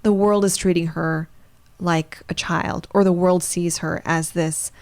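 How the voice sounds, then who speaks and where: Thoughtful lower-voiced woman explaining. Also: steady tone, unhurried, a little mellow. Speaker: psychologist co-host. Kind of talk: podcast discussion.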